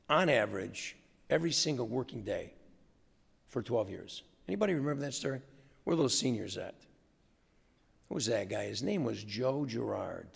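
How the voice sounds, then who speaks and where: A guest speaker gives an enthusiastic motivational speech to college students in a lecture hall, rallying them with call-and-response. His medium-pitched voice is creaky and husky. The hall's roomy reverb and a faint audience can be heard.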